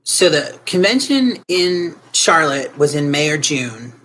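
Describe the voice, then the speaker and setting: Woman telling an animated story. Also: low voice, takes it slowly. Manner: animated, emotional storytelling with frequent restarts. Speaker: guest artist. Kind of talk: storytelling interview answers.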